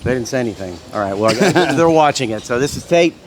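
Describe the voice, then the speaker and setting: A man's voice: mid-range voice, expressive, a little fast, a little hiss or hum. Chatty man hosting a casual vlog. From Texas. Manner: chatty, upbeat, asks short questions. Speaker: vlog host. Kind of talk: casual on-camera interview.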